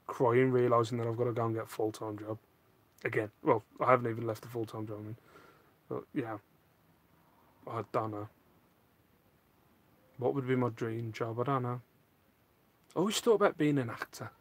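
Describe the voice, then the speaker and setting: A man's voice: mid-range voice, fairly even intonation, normal speed, pauses often, dry recording. A man casually chatting from his home loft, reading viewer questions aloud and answering with self-mocking jokes. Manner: jokey, self-mocking, reads out comments. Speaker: live stream host answering viewer questions. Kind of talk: casual chat.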